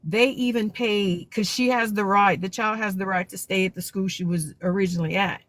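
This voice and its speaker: Calm South Louisiana woman explaining. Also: mid-range voice, brisk, no room sound. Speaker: caller, school teacher. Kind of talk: explanatory call-in.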